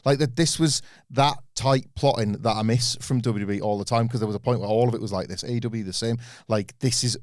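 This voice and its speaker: A man's voice: mid-range voice, fairly quick, hardly any pauses, darkish tone, no room sound, studio quality. A man co-hosting a wrestling podcast, talking in an enthusiastic, rambling way with asides. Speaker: podcast co-host. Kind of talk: casual opinionated chat.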